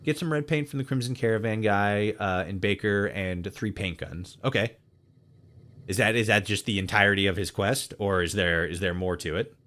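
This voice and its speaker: A man's voice: lowish voice, normal speed, fairly bright tone. A young man casually commenting while playing a game, swearing freely, laughing often and thinking aloud.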